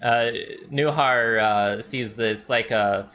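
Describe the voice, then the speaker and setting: A man runs a tabletop game as game master, narrating scenes in a loose, rambling way full of fillers. His voice has a bright, forward edge at an average pitch. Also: slow.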